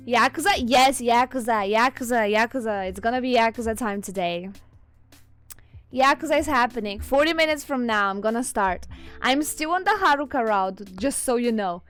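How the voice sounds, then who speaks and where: A woman's voice: on the high side, expressive, normal speed, pauses often, a bit bright, smooth. A woman streamer with a non-native English accent, chatting casually with her viewers, giggling often as she reads chat. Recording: faint music behind.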